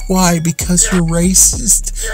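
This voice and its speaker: A man on a gaming channel ranting about an online match, voice pitched a little high, cursing constantly and sounding fed up. Music runs clearly underneath him the whole time. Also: level tone, slow. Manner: ranting, frequent swearing, exasperated. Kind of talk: angry gaming rant.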